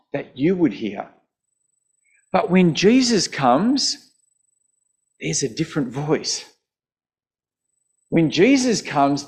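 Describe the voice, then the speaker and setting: A male preacher delivering a sermon in a slow, deliberate voice. His voice sits a little higher than most men's, and he leans into quoted verses with emphasis. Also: darkish tone.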